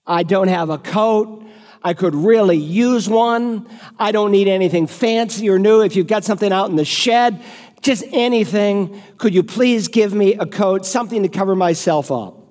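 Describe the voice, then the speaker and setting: A man's voice: sits high, moderate pace, a little mellow, big-room sound, natural voice. A man voicing a humble churchgoer who politely pleads for a coat. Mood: pleading. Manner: pleading, apologetic.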